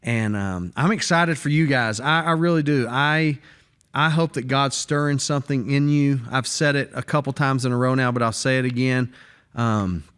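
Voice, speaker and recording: A man's voice: mid-range voice, normal speed, fairly bright tone, clear, resonant tone. A man, a pastor hosting a church podcast, talking earnestly in a casual faith conversation and repeating words as he thinks aloud.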